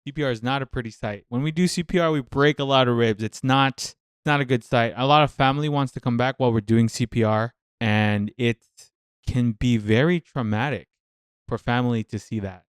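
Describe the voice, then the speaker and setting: Smooth-voiced man venting about nursing. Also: mid-range voice, a little fast, no echo, clean studio sound. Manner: passionate, venting, thinks aloud with repeated phrases. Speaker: nurse reacting to a TV show. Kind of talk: casual reaction commentary.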